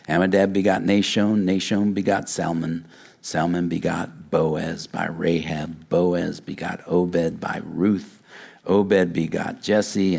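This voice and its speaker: A man preaching a verse-by-verse Bible sermon, reading scripture aloud and acting out the dialogue of the story with lively energy. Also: sits low, creaky. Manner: animated retelling, acts out dialogue. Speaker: pastor.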